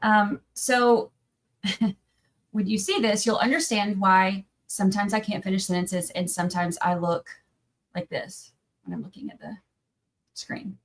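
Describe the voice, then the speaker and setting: A tired woman talks loosely to her livestream viewers. She rambles, trails off, and restarts her sentences, and her pitch sits in a middle range. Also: a little slow, pauses often, low-quality recording. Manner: chatty, rambling, breaks off mid-sentence. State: tired from little sleep. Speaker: livestream trial commentator. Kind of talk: casual livestream chat.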